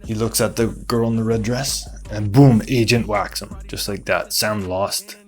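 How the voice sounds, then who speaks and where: A low-pitched man riffs through a rambling comedic conspiracy monologue, stacking fillers and asides while jumping into quick put-on voices for other people. Faint music plays underneath him. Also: fairly even intonation. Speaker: comedy show host.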